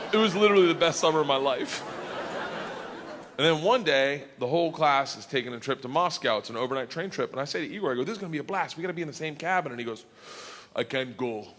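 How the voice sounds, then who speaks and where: A man with a slightly higher voice tells a stand-up story on a club stage, now and then bursting into shouted punchlines. The live recording carries clear audience noise behind him. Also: quick pace. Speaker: stand-up comedian. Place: comedy club stage before a laughing audience. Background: audience laughter.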